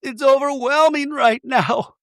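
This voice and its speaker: A man putting on a weepy, melodramatic young man who whines about being exhausted, in a drawn-out, theatrical way. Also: extremely high pitch, fairly bright tone, dry recording, pitched above the performer's own voice, full character voice.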